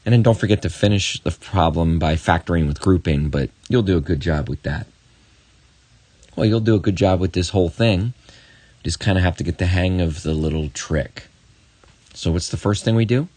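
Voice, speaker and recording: A man teaching a math lesson on video, encouraging and talking straight to the student with quick asides. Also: sits low, darkish tone, no echo.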